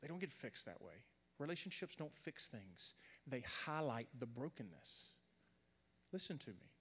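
A young adult man preaching a sermon, swinging from loud, animated storytelling to quiet, earnest talk. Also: mid-range voice, moderate pace, slightly rough. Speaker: pastor. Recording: long hall reverb.

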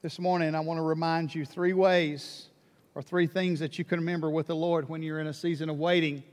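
A man from Alabama preaching a sermon, animated, repeating words and acting out people's prayers. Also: a little high, a little fast. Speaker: pastor. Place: church sanctuary. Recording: long reverb of a church hall.

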